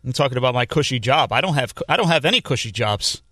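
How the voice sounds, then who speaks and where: A man co-hosting sports talk radio, defending himself against teasing with quick comebacks. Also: medium pitch, expressive, sharp tone, no echo, studio quality. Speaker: radio co-host. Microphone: studio microphone.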